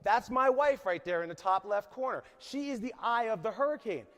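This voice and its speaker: High-pitched guy in his 40s giving a pumped-up keynote, keeps saying right?, big echoey hall. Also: lively intonation, normal speed, a bit bright. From New Jersey, USA. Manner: emphatic, keeps asking the crowd "right?". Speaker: conference speaker. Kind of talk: motivational keynote talk. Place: large conference hall.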